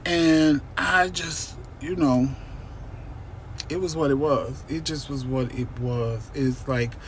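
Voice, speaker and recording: This vlogger speaks straight to his audience from a parked car, relating a personal story with animated emphasis in a casual style. He has a medium-pitched voice, and there's slight background noise.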